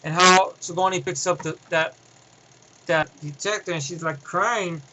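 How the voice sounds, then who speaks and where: A man giving a casual, rambling film review, excitable and profane, often restarting his sentences. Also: high-pitched, unhurried, low-quality recording.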